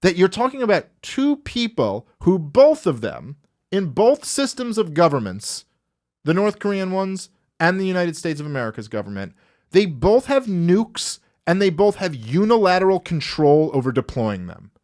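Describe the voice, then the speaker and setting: Animated, profane man hosting a podcast. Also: high voice, normal speed. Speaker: podcast host. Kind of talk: casual political podcast chat.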